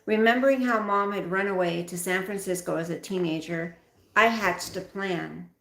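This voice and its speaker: A woman's voice: medium pitch, normal speed, creaky, fairly bright tone, reverberant. A woman hosting a livestream and reading a memoir aloud, breaking off now and then to speak directly to her viewers.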